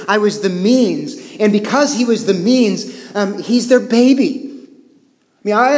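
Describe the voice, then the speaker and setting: A man in his thirties preaching a sermon, telling a family story with animated emphasis and self-deprecating laughs. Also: sits high. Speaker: pastor. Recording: long hall reverb.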